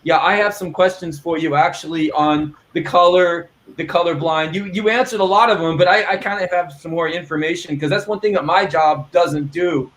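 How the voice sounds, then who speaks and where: A man hosting an online tech conference, excitable and rambling, with lots of fillers between his words. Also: fairly high pitch, moderate pace, hardly any pauses. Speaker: conference host. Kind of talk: casual live-stream hosting.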